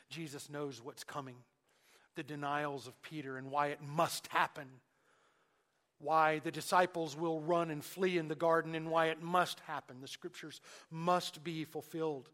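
A man preaching a sermon, swinging between loud emphasis and hushed asides, and acting out the quoted speech of Jesus and Peter. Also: on the high side, fairly even intonation, moderate pace.

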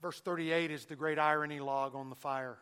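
Delivering a sermon in a slightly high, smooth voice with a steady tone and normal speed, a preacher alternates between loud emphasis and quiet asides. He performs the words of Jesus and Peter as he quotes them.

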